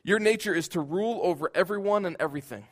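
A man preaching a sermon in an earnest voice, building at times into loud, emphatic outbursts. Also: high-pitched, quick pace.

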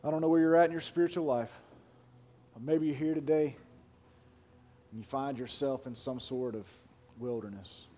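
A male pastor preaching a sermon and then praying at a church service, swinging between near-whispers and loud shouted questions. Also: mid-range voice, normal speed.

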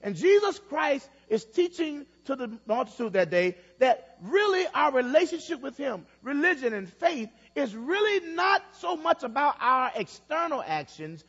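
A man's voice: extremely high pitch, big pitch swings, unhurried, few pauses, fairly bright tone, big-room sound, highs cut off. A man preaching a sermon in a church, telling a story and repeating his phrases to build emphasis. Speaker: pastor.

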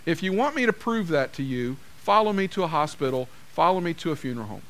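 Guy pastor giving a sermon, high bright voice, talks like he's chatting w the congregation. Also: sing-song, quick pace. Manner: conversational preaching, acts out quoted dialogue.

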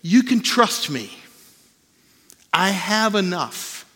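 A man with a slightly high, bright and forceful voice delivers a sermon with earnest, emphatic stresses. His words ring out with a long reverb, as if in a big church sanctuary. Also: big pitch swings, slow. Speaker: pastor.

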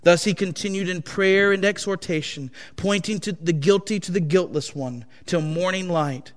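A male preacher telling a dramatic story in a sermon, in a solemn, weighty manner. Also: high-pitched. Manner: slow, solemn and dramatic reading. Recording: long echo of a large hall.

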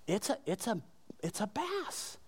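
A man's voice: high voice, big pitch swings, measured pace, breathy edge. A man preaching a sermon as pastor, conversational and emphatic, with rhetorical questions to the congregation.

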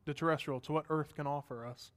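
Guy preaching a sermon, kinda high voice, smooth and clear, gets fired up then drops into dry jokes. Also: steady tone, fast talker, a bit bright. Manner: earnest, building to emphatic passages, with dry asides. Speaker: pastor.

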